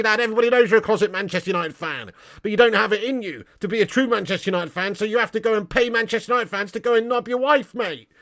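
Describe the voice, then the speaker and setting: A man's voice: high-pitched, fast talker, fairly bright tone. A man hosting a football livestream, reading out super chats with mocking banter full of "mate" and "lad". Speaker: football channel livestream host.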